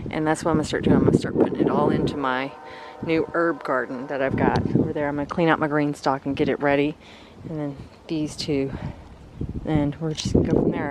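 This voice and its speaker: Woman chatting thru her garden work outside, lots of loud noise in the background. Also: sits low. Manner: chatty, thinking aloud while working. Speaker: vlogger. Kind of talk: casual yard-work vlog. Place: outdoors in a backyard garden.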